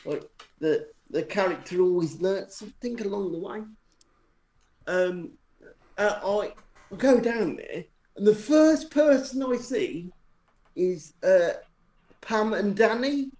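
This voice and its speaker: A man's voice: high-pitched, lively intonation, takes it slowly, a little mellow. A man telling a long anecdote to friends on a live stream, rambling and self-deprecating, often restarting his sentences. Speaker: storyteller on a live stream show. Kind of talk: casual anecdotal storytelling. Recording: echoey room with faint noise.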